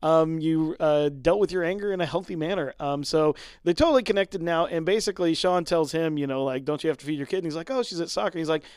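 A man co-hosting a podcast, chatting casually about a TV episode, animated and laughing often as he acts out the characters' lines. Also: on the high side, fast, hardly any pauses, clean tone, dry recording, clean studio sound. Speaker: podcast co-host. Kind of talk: casual chat recapping a TV episode.

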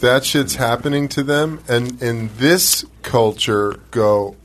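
A man's voice: mid-range voice, slow, slight background noise. A man co-hosting a casual talk show, mostly chiming in with short, laid-back agreements. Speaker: podcast co-host. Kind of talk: casual chat.

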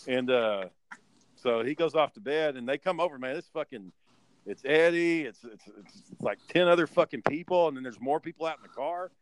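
A man's voice: fairly high pitch, normal speed. A man telling a rowdy story in casual chat, swearing freely and acting out what people said. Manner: profane, animated storytelling with acted quotes. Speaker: storyteller guest.

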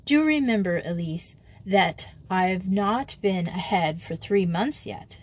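A woman doing a brisk young headmistress. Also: medium pitch, animated. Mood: cheerful. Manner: brisk and decided.

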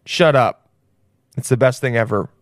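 A man's voice: medium pitch, normal speed, dry recording, studio quality. A man hosting a comedy podcast, rambling crudely and laughing at his own jokes. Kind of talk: casual comedy podcast monologue.

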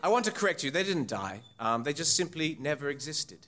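A man's voice: fairly high pitch, big pitch swings, brisk, fairly bright tone. A man playing a smug, chipper lady principal. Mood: smooth. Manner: smooth and ingratiating. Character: chipper, wealthy female school principal, falsely apologetic.

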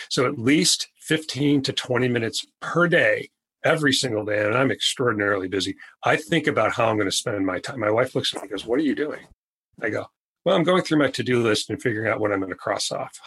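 A man talking as a guest on a podcast interview, an orthopedic surgeon who stresses his key phrases slowly and emphatically. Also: medium pitch, fairly bright tone, husky, rough recording.

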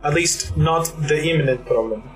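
A man's voice: on the high side, moderate pace, faint music behind, poor audio. A man playing a wizard in a tabletop game, explaining his reasoning and thinking aloud. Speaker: player. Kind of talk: casual tabletop play.

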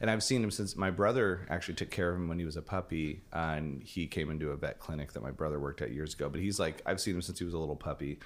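Podcast co-host, man with a very low voice, loose rambling storyteller. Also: fast talker, hardly any pauses. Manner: rambling storyteller, laughs easily. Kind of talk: casual chat.

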